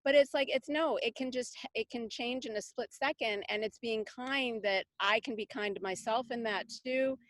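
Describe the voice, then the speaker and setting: A woman's voice: a little high, normal speed, few pauses, dry recording. Chatty woman parenting coach. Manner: chatty, rambling, many fillers and restarts. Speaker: parenting coach, summit guest. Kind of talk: casual conversational interview.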